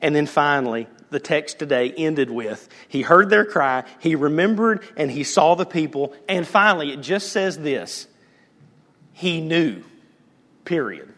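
A man preaching a sermon as pastor, moving between loud calls and hushed, almost whispered lines. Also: fairly high pitch, a little slow, in a large hall.

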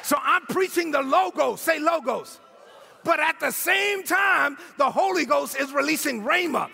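A man preaching an energetic sermon in a church, often shouting and calling on the congregation to repeat his words. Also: very high-pitched, measured pace, vocal fry, a faint crowd, a little hiss or hum. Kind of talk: energetic sermon with call-and-response. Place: church sanctuary. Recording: long hall reverb with faint music.

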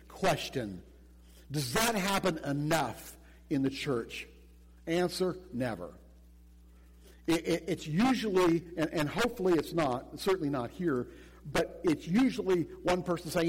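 A man preaching a sermon as pastor, animated, acting out little quotes and often repeating words as he goes. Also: a little high, normal speed, slightly rough, long reverb tail, poor audio.

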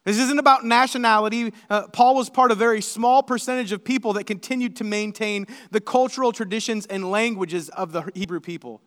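A male preacher delivers an animated sermon in a fairly high voice, building his points into emphatic, shouted lists. The sound rings out with the long reverb of a large hall. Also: a little fast, hardly any pauses. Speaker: pastor.

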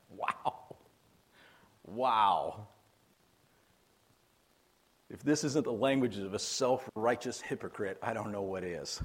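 A man's voice: fairly low pitch, normal speed, few pauses, darkish tone, breathy edge. A man preaching a sermon as a pastor, in a conversational, emphatic way that repeats key phrases for weight.

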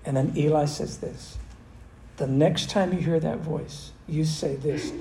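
An older man preaching a conversational sermon as pastor, animated and full of restarts. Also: on the high side, a little slow. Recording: echoey room with faint noise.

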